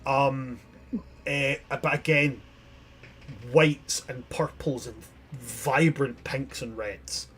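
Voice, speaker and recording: A man's voice: medium pitch, steady tone, very slow, a bit bright, slight background noise. A man narrating a tabletop game as game master, descriptive and chatty with frequent restarts.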